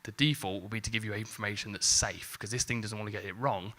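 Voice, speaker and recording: A man's voice: fairly low pitch, steady tone, fast, pushed and bright. A man in his forties giving a live conference talk on marketing, casual and jokey, with the odd mild swear. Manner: jokey, casual, swears lightly, acts out exchanges. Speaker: conference speaker.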